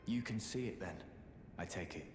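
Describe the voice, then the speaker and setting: An actor playing a courteous, friendly wandering sorcerer in a video game, speaking in a polite, measured, gently wry way. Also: male voice, low voice, lightly acted. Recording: echoey game audio with long reverb and music behind.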